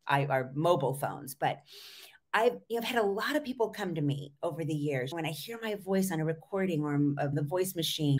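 A middle-aged woman hosting a solo podcast as a voice coach, talking in an animated, emphatic way with frequent asides. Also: sits low, fairly quick.

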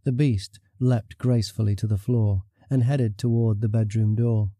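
A man working as an audiobook narrator reads a fantasy story in a steady, measured way from a script. His pitch runs fairly low, and the recording is dry and studio quality.

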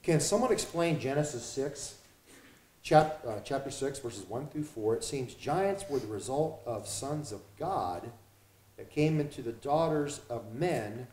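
A man's voice: mid-range voice, animated, darkish tone, reverberant, low-quality recording. A man hosting a Bible study discussion, summing up and reading out viewer questions. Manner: measured, reads out viewer questions. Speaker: host.

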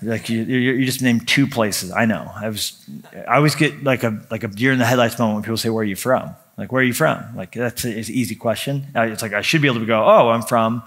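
Pastor, man, middle-pitched voice; conversational, animated sermon storyteller who restarts often. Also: quick pace. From United States. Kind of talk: sermon with scripture reading and prayer.

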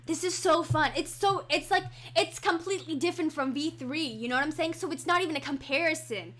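A high-voiced woman talks through her game on a desk microphone. She is chatty and easily excited, with her sentences running on through fillers and restarts. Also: fairly quick. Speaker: gaming channel host. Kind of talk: casual game commentary. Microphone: computer microphone.

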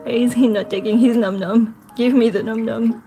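Lady doing her pet axolotl begging for food, whiny and demanding, high voice, soft music behind. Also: steady tone, normal speed, close to an everyday voice, poor audio. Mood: impatient. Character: hungry impatient male pet axolotl.

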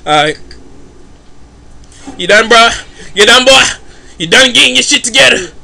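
This is a man giving relaxed, off-the-cuff commentary while he plays. His voice sits high and sounds piercingly bright. He rambles through crude jokes and heavy slang in a loose, casual way. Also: moderate pace, gravelly. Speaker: let's play commentator.

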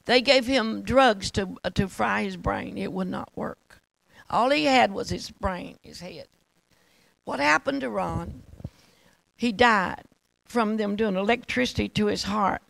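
A woman's voice: medium pitch, unhurried, vocal fry, fairly bright tone, no room sound, low-quality recording. A woman preacher telling a testimony in a rambling, fervent sermon that repeats itself.

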